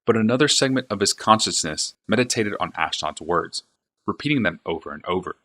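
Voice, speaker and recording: A man reading a fantasy novel aloud in steady, even narration. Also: low-pitched, a little fast. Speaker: reader, streamer.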